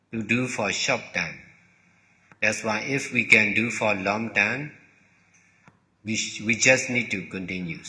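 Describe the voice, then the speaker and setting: Monk teacher, male, native Burmese speaker: very slow, halting delivery, bright tone, long hall reverb. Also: on the low side. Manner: halting, repeats words, pauses between short phrases. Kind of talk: slow dharma talk.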